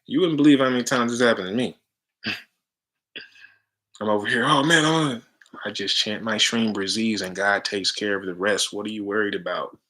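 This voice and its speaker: Lively man preaching in casual slang. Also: lowish voice, moderate pace, long pauses. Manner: animated, preachy, slangy, laughs often. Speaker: spiritual chant leader. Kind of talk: casual spiritual talk to viewers.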